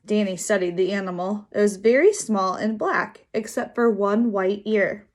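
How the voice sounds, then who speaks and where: A teacher reading a children's chapter book aloud with lively, drawn-out dramatic pauses. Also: female voice, medium pitch.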